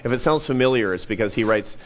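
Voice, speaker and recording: Guy talking in an interview, lively, keeps jumping way up for quotes, kinda dull lo-fi sound. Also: fast talker. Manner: animated storyteller, rises sharply in pitch for quoted lines. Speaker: interview guest, think-tank president. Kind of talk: conversational interview. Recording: dull lo-fi event recording.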